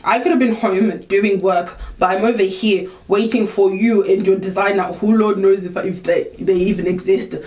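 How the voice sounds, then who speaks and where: A woman's voice: mid-range voice, normal speed, few pauses. Indignant young woman telling a story. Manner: animated, indignant retelling with filler chatter and swearing. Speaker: vlogger. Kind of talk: storytime vlog. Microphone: camera on tripod.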